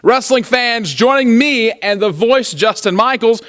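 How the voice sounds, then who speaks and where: A man's voice: very high-pitched, measured pace, a bit bright. A man hosting backstage wrestling interviews, announcer-style, repeatedly calling out to wrestling fans.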